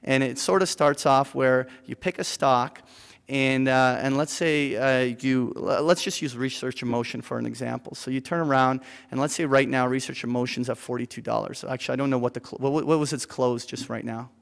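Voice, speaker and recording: A man leading a live investing seminar in front of an audience, telling an animated story with many fillers and "right?" tag questions. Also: mid-range voice, a little fast, vocal fry, clean tone. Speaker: seminar instructor. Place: lecture room with an audience. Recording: reverberant lecture hall.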